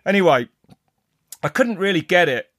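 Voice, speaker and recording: A middle-aged man, a race commentator, telling stories in casual chat, rambling and animated with many restarts. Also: high-pitched, normal speed, no echo, studio quality. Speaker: mountain bike race commentator. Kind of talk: casual podcast storytelling.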